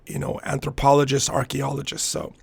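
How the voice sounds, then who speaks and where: A man's voice: mid-range voice, monotone, a little fast, creaky, breathy edge, dry recording. A man in his fifties from the US–Mexico border region, hosting a podcast and telling a reflective, rambling personal story with frequent restarts. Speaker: podcast host and capoeira master.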